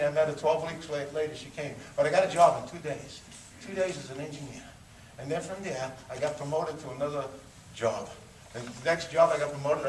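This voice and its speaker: A man in his fifties telling a personal story, animated and acting out the voices of people he quotes. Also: on the high side, a little hiss or hum. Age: 50s. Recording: roomy sound from far off, faint ambience.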